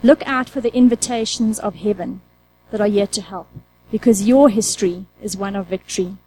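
A woman's voice: mid-range voice, normal speed, mellow, slight background noise, low-quality recording. A woman preaching a conversational sermon, asking the audience questions and acting out her own inner dialogue.

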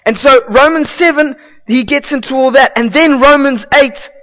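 High-voiced male pastor preaching. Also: normal speed, sharp tone, rough recording. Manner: conversational, emphatic, repeats key phrases. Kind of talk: sermon.

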